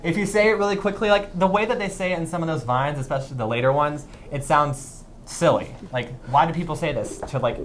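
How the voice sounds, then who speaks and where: A woman's voice: sits low, fairly quick, few pauses, a crowd in the background. A young woman co-hosting a casual chat about viral videos, chatty and wry. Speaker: co-host.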